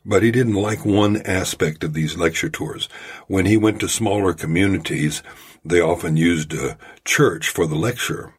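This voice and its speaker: Deep, husky-voiced storytelling podcast host. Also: male voice, measured pace. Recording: home-made podcast audio.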